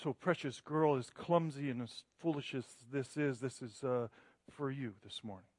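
A man's voice: medium pitch, moderate pace, a little mellow, no echo. A middle-aged man delivering a sermon as a guest preacher, chatty and self-deprecating, building to emphatic passages. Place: church sanctuary.

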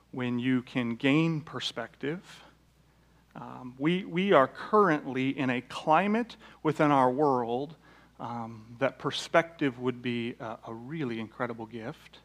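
A man preaching a sermon, telling illustrative stories in a conversational way, with fillers and restarts. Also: mid-range voice. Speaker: pastor. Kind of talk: sermon with storytelling.

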